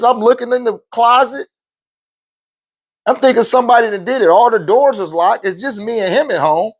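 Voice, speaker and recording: A man in his thirties teaching spiritual ideas in a casual, animated lecture, laughing, swearing and telling stories. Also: very high-pitched, moderate pace. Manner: animated, swings into loud shouted quotes; laughs often, swears, street slang.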